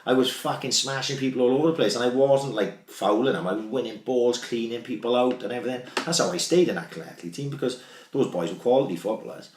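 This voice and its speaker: A man's voice: mid-range voice, slight background noise. A man talking bluntly and swearing a lot in a casual podcast chat. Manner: blunt, fast, sweary talk about football. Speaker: podcast guest. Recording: echoey room.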